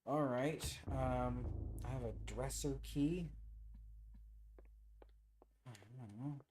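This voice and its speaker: A man's voice: mid-range voice, takes it slowly, background noise. A tired man streaming a video game, reading bits aloud and making dry, sarcastic remarks while yawning. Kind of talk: casual let's-play commentary.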